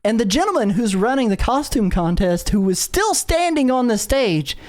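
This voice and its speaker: A man's voice: extremely high pitch, very animated, normal speed, darkish tone. A man narrating as game master of a tabletop game, telling the scene loosely with many fillers and restarts. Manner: loose, filler-heavy storytelling.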